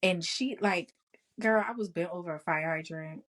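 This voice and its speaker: A woman co-hosts a podcast in casual chat. Her voice sits fairly low, and she laughs a lot and swears freely as she tells her stories. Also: moderate pace. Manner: laughs often, swears freely, animated storytelling. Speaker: podcast co-host.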